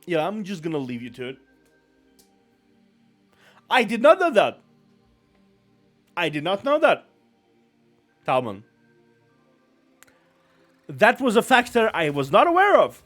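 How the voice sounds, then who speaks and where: Rambling, apologetic man streamer, higher voice. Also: huge pitch swings, slow, pauses often, a bit bright, faint music behind. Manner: rambling, self-deprecating, often apologizing. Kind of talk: casual live-stream chat.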